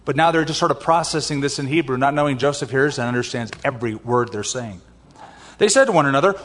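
A man's voice: mid-range voice, lively intonation, fairly quick, a bit bright. A male pastor preaching an expository sermon, reading scripture aloud and then explaining it in a conversational way. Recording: long hall reverb.

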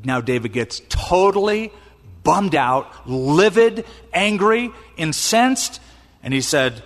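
A male preacher retelling scripture in a sermon, animated and exclaiming as he acts out quotes. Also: mid-range voice, normal speed. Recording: long reverb in a large hall.

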